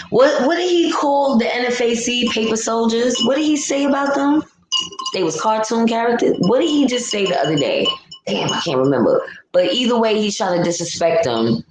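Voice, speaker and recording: A woman's voice: mid-range voice, reverberant, background noise. A woman hosting a casual livestream, ranting bluntly and reading out chat comments. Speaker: livestream host. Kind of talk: casual live-stream commentary.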